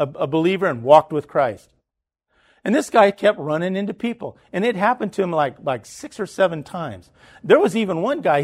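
A man preaching, telling a story in an animated way, often restarting and repeating words. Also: high-pitched. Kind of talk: sermon storytelling.

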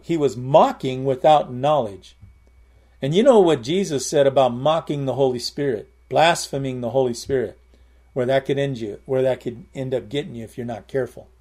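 A middle-aged man preaching a sermon in a conversational way, repeating and restarting words and slowing down to stress key lines. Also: medium pitch, warm tone.

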